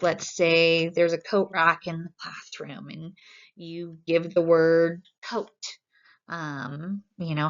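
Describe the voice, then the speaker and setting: A woman with a fairly low voice presents a teacher training talk, friendly and teacherly, often pausing on "um". The recording is dull and lo-fi. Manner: frequent "um" fillers, friendly teacherly tone.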